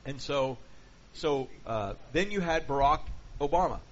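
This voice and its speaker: A man's voice: a little high, expressive, a little slow, fairly bright tone. Man teaching a sermon, lo-fi sound. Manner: peppers points with rhetorical "okay?" and "right?". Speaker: preacher. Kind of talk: conversational Bible teaching. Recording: dull lo-fi recording with faint background noise.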